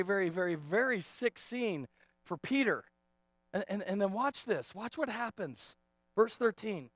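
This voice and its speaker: A man in his thirties preaching a sermon as pastor, animated and repetitive, joking with the congregation. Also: high voice, no room sound, clean studio sound. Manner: animated, repeats words, jokes with congregation.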